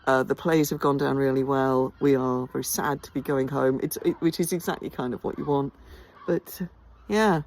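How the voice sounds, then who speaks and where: A woman with a low voice talks casually to camera in a behind-the-scenes vlog. She sounds tired but happy and keeps stopping and restarting. Her chat is eager and full of fillers. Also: steady tone, moderate pace, a little mellow, slight background noise. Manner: chatty, enthusiastic, many ums and restarts. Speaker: theatre company director. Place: outdoors by a house.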